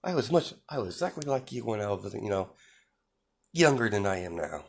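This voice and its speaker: A man's voice: lowish voice, very animated, brisk, vocal fry, breathy edge, exaggerated voice. A man voicing a doting, ruthless mother. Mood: amused. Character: doting, fierce middle-aged mother, proud and ruthless.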